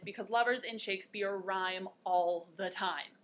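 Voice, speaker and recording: A woman's voice: mid-range voice, measured pace. A young woman hosting a one-take video lesson, chatty and playful, joking at her own puns. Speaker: host.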